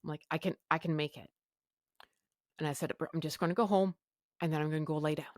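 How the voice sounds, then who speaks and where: A middle-aged woman telling a personal story on a podcast, animated and acting out the lines of everyone involved. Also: low-pitched, fast, dry recording, clean studio sound. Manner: animated retelling with quoted dialogue. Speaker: podcast guest sharing her story.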